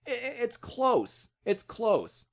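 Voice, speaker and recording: A man's voice: very high voice, wildly swooping pitch, slow pace, creaky. Rambling man reviewing an album. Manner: rambling, many restarts and fillers, casual cursing. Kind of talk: casual spoken music review.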